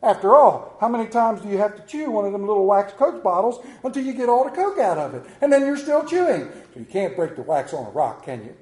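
A man preaching a sermon, telling folksy stories and swinging between loud emphasis and quiet asides. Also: sits high, big pitch swings, fast, few pauses, echoey room. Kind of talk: sermon with anecdotes.

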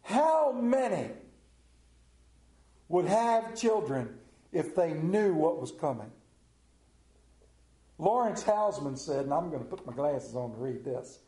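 Middle-aged male preacher, folksy storyteller, high voice, echoey hall sound. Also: sing-song, slow, long pauses, warm tone. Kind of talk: sermon with storytelling.

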